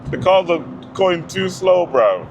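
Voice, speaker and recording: A man's voice: high-pitched, very animated, a little slow. A young man giving slangy, laughing driving commentary from behind the wheel. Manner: casual slang-heavy chatter, laughing often. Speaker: car vlogger. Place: inside a car on the road. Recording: loud engine and road noise.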